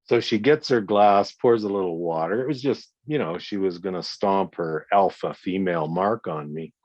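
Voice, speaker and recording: A man in his sixties speaks bluntly and forcefully in an interview and curses freely. His voice sits a little low. The recording is dry and slightly dull. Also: moderate pace, no room sound. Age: 60s. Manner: blunt, profane, emphatic storytelling. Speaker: guest, victim's father. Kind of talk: interview conversation.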